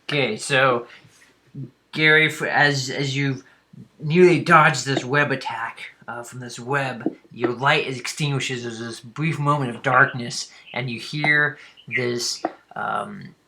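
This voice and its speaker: A male game master narrates a tabletop adventure in a bright, sharp voice. He stops and restarts often, filling gaps with hesitations. A faint hiss sits under the recording. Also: medium pitch, fairly even intonation. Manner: halting, with frequent fillers and restarts.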